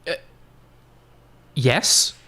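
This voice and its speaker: A man's voice: drawn-out words, sharp tone, a little hiss or hum. A British man streaming a game, chatting casually with viewers, laughing often. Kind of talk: casual livestream chat.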